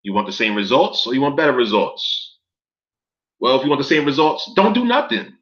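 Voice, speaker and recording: A man, talking casually in a profane, animated vlog, jumping from low muttering to excited shouts while reading from a website. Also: fairly quick, muffled recording. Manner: profane, street slang. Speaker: vlogger.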